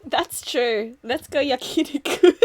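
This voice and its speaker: A woman's voice: high voice, slow pace, a little mellow. A woman chatting casually on a live stream while she draws, laughing constantly between remarks.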